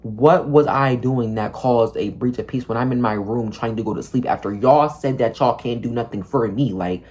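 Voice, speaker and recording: A young man telling his story straight to the camera, rambling and casual, and full of "like". He swears freely and uses street slang. He acts out the other people in his story with quick changes in voice. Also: medium pitch. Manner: rambling, heavy use of "like", profane slang; animated storytelling, acting out officers and himself. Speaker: vlogger. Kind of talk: storytime monologue.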